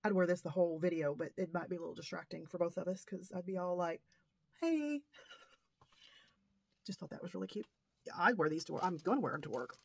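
Folksy lady rambling on, kinda husky, dead dry sound. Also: lowish voice, fairly even intonation, rapid-fire, dry recording. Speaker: crafting vlogger. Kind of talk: casual haul chat.

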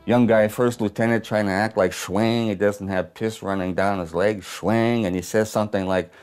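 A man's voice: on the low side, steady tone, moderate pace, a little mellow, clear, resonant tone, soft background music, close to an everyday voice. A man playing a bitter, haunted old working-class war veteran who talks coarse, profane and ungrammatical in a theatrical stage monologue. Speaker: stage performer in a one-man play.

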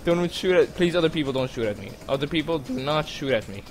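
A man giving casual, rambling gameplay commentary, joking along and bursting into panicked yelling now and then. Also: on the high side, animated, fast, faint music behind.

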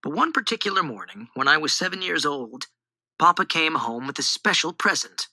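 A woman reading a children's storybook aloud in an animated, expressive way on a close mic. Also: sits low, normal speed, dry recording, rough recording.

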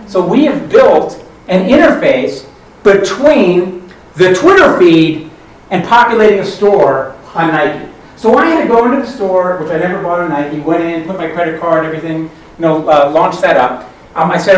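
Middle-aged man, panelist, chatty storyteller, lots of restarts, higher voice, distant mic, very echoey hall. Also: expressive, moderate pace, a little hiss or hum. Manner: chatty storyteller, many restarts and quoted dialogue. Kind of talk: conference panel anecdote. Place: conference hall.

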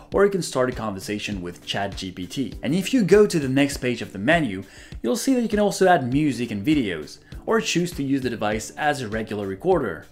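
Lively multilingual gadget reviewer. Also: mid-range voice. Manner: lively, switches between several languages while testing. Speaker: product reviewer. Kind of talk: product review demo.

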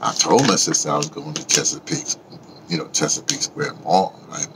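A man with a rumbling low voice chats at normal speed in a rambling vlog, covering music and his day and singing along to a record. Heavy background noise sits under the recording.

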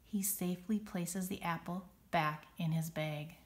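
A woman reading a children's picture book aloud, expressive and dramatic on the sound words. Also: lowish voice, a little slow. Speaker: storybook reader.

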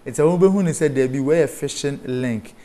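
A man's voice: medium pitch, normal speed, mellow. A man with a Ghanaian accent, a guest on a studio interview, explaining online safety step by step and spelling terms out letter by letter. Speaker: cybersecurity guest.

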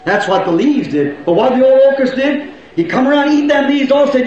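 A man preaching a folksy sermon, swinging between loud shouts and low asides. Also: expressive, a little fast. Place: church. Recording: echoey, muffled old church recording.

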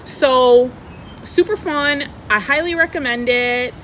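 A woman's voice: high-pitched, slow, fairly bright tone, rough recording. A young adult woman vlogging outdoors, gushing and squealing with delight as she unboxes plants. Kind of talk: excited unboxing vlog. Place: outdoors in the wind. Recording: wind noise on outdoor mic.

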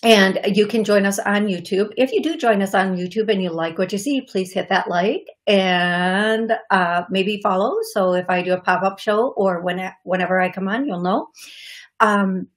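A friendly woman hosts a live call-in show, talking casually in short bursts. She greets viewers by name and pads her sentences with fillers and restarts. Her voice sits at a middle pitch. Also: normal speed. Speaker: psychic medium host of a call-in show.

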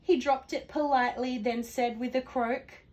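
High-voiced woman reading a picture book. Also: moderate pace. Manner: gentle, expressive, rhyming storytelling. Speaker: teacher reading aloud. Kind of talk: read-aloud storytelling for children.

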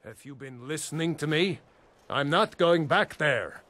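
A man's voice: fairly high pitch, lively intonation, a little slow, pushed and bright. An actor playing a weary, reluctant ship captain in a video game, firm in his refusals.

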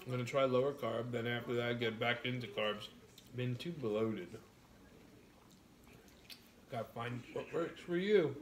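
A man's voice: medium pitch, measured pace, pauses often, slight background noise. Easygoing New York man chatting. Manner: relaxed, joking, reads viewer comments aloud. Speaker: live-stream host. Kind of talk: casual live-stream chat while eating.

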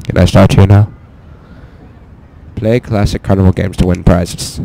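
A young man giving profane, excitable let's play commentary, talking to himself as he plays. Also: low-pitched, unhurried, vocal fry, background noise. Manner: profane, excitable, talks to himself while playing.

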